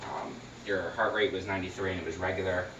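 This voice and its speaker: Guy talking thru a patient exam, lots of ums, kinda low voice, roomy room and faint hiss. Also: fairly even intonation, fast, muffled recording. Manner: talks through each step, with many fillers and restarts. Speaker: nursing student. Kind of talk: narrated clinical skills demonstration. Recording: roomy sound from a distant mic.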